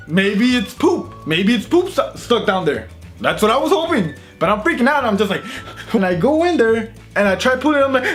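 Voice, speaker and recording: A man with a high voice tells a comic personal story straight to his viewers. He is casual, animated and pokes fun at himself. Quiet music plays softly underneath. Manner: animated, self-mocking storytelling. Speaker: YouTube channel host.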